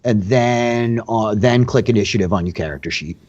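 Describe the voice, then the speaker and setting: A man's voice: fairly low pitch, moderate pace, a little mellow, highs cut off. A man narrating a tabletop game as dungeon master, talking loosely with lots of "like" and fillers.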